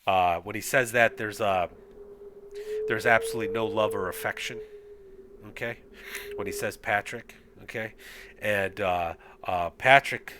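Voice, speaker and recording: A man narrating as game master of a tabletop game, halting with lots of fillers. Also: fairly low pitch, heavy background noise.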